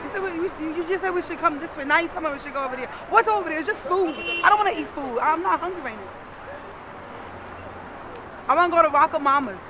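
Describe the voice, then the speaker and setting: A woman plays an impatient, spoiled young woman who talks fast and high and swears while she complains. She is recorded on a busy street, with loud traffic noise behind her. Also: lively intonation. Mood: exasperated. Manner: whiny, exasperated, swears often. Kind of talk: street comedy sketch. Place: busy urban street outdoors.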